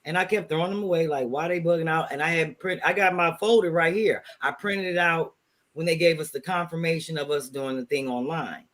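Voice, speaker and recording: A middle-aged woman from St. Louis with a St. Louis accent, a comedian chatting as an interview guest and telling lively stories. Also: deep voice, fairly quick. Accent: St. Louis, Missouri. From St. Louis, Missouri. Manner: lively storyteller who acts out the people she quotes. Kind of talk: casual interview chat.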